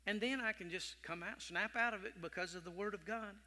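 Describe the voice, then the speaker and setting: A male preacher delivering an animated sermon, dropping to whispers and rising to loud calls. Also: high voice, brisk. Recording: long hall reverb.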